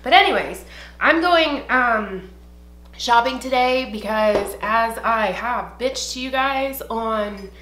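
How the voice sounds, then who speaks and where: A woman's voice: a little high, slow pace, noisy background. A young woman vlogger chatting casually while getting ready, rambling and swearing a lot, slightly out of breath. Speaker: beauty vlogger. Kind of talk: casual get-ready-with-me chat. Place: home room, indoors. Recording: echoey room.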